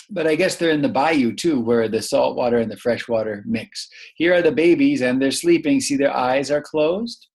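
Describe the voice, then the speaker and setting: A man teaching a young English learner, reading a picture book aloud slowly and asking many encouraging questions. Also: mid-range voice, darkish tone. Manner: slow, encouraging, full of questions.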